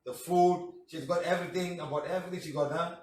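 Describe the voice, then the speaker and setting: Malaysian guy, high voice, jokey chatty teacher, says madam and huh a lot, echoey room, kinda far from the mic. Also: steady tone, fast, darkish tone. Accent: Malaysian English. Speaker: healing teacher answering testimonials. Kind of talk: casual live class talk, reading out messages.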